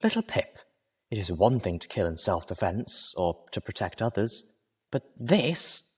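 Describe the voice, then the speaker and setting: A man's voice: on the low side, very animated, measured pace, husky, exaggerated voice. A man voicing an indignant, refined female pony singer who scolds dramatically.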